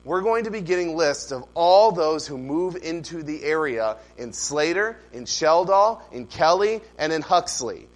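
A man in his thirties preaching a sermon to his church, earnest and building to loud, impassioned calls. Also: fairly high pitch, lively intonation, a little slow, hardly any pauses, poor audio. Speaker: pastor. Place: church sanctuary.

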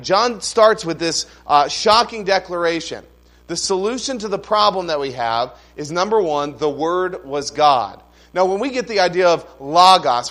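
A man preaching a sermon, explaining scripture in a conversational way with asides and humor, slowing down to stress key phrases. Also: high-pitched, fairly bright tone. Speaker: pastor.

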